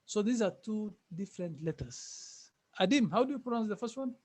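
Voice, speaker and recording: A man leads an online class over a video call, patiently sounding out letters and names again and again. His voice sits a little high for a man. The sound is dry and close, with no room around it. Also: animated, moderate pace, darkish tone, no echo. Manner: patient, repeats sounds for students. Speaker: Arabic teacher.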